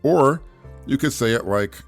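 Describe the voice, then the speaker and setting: A man's voice: medium pitch, animated, a little slow, gravelly, soft background music. A middle-aged man hosting a solo parenting podcast. He talks in an earnest, repetitive way, laughs often and restarts his sentences. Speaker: podcast host, single father.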